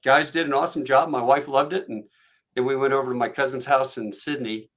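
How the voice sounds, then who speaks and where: A middle-aged man hosting a podcast, telling stories in a casual, animated way and acting out the voices of the people in them. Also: mid-range voice, a little fast. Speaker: podcast host. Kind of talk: casual storytelling chat.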